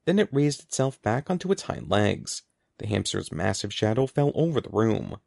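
A man narrates a children's storybook with a gravelly, mellow voice whose pitch rises and falls a lot. The sound is dry and close, with no room around it. His reading is lively and expressive. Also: moderate pace, dry recording. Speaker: audiobook narrator.

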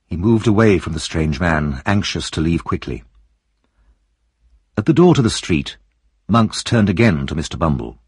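A man narrating a story aloud in a measured, expressive reading with a husky voice. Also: low-pitched, no echo, studio quality.

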